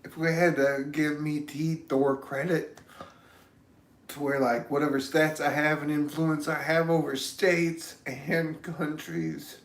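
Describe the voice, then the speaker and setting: A man vlogging in a loose, meandering monologue, cursing freely and swinging from mumbles to shouts. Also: on the high side, little pitch movement, slow pace, roomy sound. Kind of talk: rambling casual monologue.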